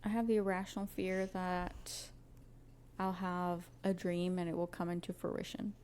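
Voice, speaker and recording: A woman co-hosting a podcast, chatting casually in a quick, breezy, emphatic way. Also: on the low side, level tone, darkish tone, a little hiss or hum. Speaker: podcast co-host. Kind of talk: casual chat.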